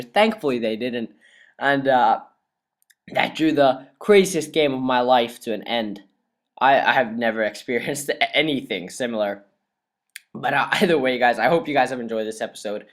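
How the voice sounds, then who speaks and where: A young man doing voice-over commentary on a football video game, excitable and laughing often, his voice dry and cracking. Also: a little high. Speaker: gaming YouTuber. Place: cold room at home.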